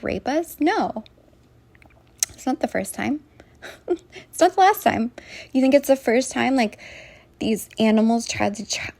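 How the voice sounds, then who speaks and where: A woman's voice: mid-range voice, vocal fry, dark tone, dry recording. A woman vlogging in a casual, rambling monologue to her viewers, full of fillers and restarts. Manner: meandering, heavy on fillers and restarts.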